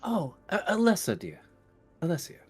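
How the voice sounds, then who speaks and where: A man voicing a pale, mousy elven librarian woman who speaks softly and stammers. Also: high-pitched, huge pitch swings, normal speed, husky, soft background music, voice pushed up, exaggerated voice. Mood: meek, polite. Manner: soft, stammering, polite.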